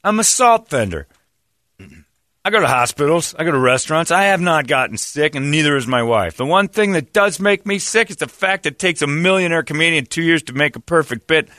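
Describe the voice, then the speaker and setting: A man's voice: a little high, animated, brisk, pushed and bright, dry recording, clean studio sound, pitched above the performer's own voice. A man voicing a drunk adult male fan reading out his own rambling email. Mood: boastful.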